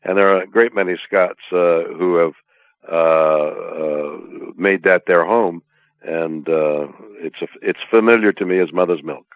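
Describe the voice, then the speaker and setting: An older man from Canada, a guest in an interview, talking in a halting, playful way with many drawn-out fillers over a phone line. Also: low-pitched, dry recording. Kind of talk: casual interview chat. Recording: tinny dry phone line.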